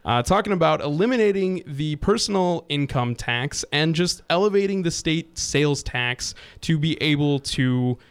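A man's voice: a little high, lively intonation, moderate pace, few pauses, smooth. A man co-hosting a talk radio show, interviewing a guest in a rambling way with many fillers. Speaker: radio co-host.

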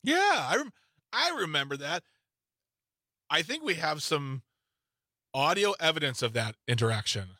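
Radio host guy, bright forceful voice, dry studio sound, gets worked up. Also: fairly high pitch, very animated, moderate pace, pauses often, no room sound. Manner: emphatic, indignant, frequent restarts. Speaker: radio talk show host. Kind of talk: casual radio talk.

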